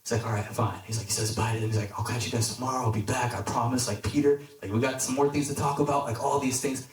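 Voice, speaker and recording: A man's voice: medium pitch, quick pace. Young guy preaching at youth group, chatty, says like a lot, kinda far from the mic, big echoey hall. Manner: conversational, lots of "like", animated when quoting characters. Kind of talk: casual youth sermon with storytelling.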